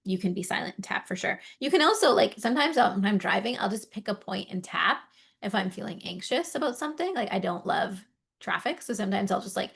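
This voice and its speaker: A woman coaching a live tapping session, gently guiding listeners through each point and encouraging them as she goes. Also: mid-range voice, lively intonation, fairly quick, creaky, breathy edge. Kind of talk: guided tapping lesson, live.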